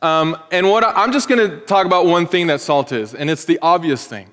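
A man in his forties delivers a sermon from a church sanctuary in a fairly high voice. He talks to the room conversationally, joking and animated. His words ring with a long reverb. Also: brisk. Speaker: pastor.

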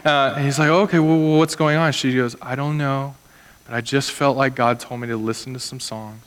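A man's voice: mid-range voice, level tone, normal speed, a bit bright. Man preaching in a reverberant hall. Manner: earnest, conversational preaching with acted-out quotes. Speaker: pastor. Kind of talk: sermon.

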